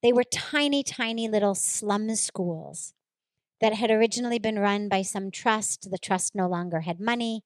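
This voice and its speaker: A woman's voice: medium pitch, moderate pace, no echo. A woman spiritual teacher giving a reflective talk, earnest and repeating phrases for emphasis as she tells a personal story.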